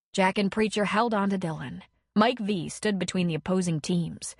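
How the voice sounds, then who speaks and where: A woman reading an audiobook in measured, expressive narration. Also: medium pitch, vocal fry, husky, no echo, studio quality. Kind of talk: scripted narration.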